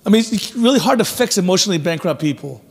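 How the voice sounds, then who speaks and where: Husky high-voiced male pastor preaching. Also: fast talker. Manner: conversational, animated preaching with acted-out asides. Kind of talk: sermon. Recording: long reverb of a large hall.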